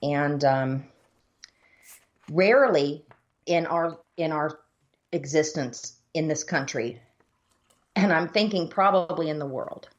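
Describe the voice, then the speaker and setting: A woman co-hosting a casual podcast, blunt and earnest, with casual swearing. Her voice sits on the low side and the recording sounds dull and lo-fi. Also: slow, long pauses. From Florida, USA. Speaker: podcast co-host. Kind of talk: casual chat.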